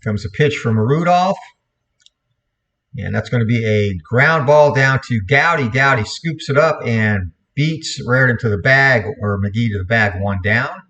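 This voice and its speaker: A man calling play-by-play for a replayed computer baseball game, in a steady voice, correcting himself now and then. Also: mid-range voice, measured pace, lo-fi sound. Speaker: play-by-play commentator.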